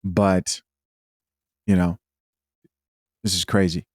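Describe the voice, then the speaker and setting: A man's voice: deep voice, level tone, slow, a little mellow, no room sound, clean studio sound. A man hosting a reaction show, thinking aloud in a hesitant, wry way. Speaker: host. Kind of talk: reaction commentary.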